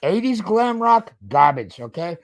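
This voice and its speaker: A man's voice: sits high, sing-song, unhurried. A man in his fifties, a podcast host, ranting in a casual chat, swearing and tagging his points with "okay?".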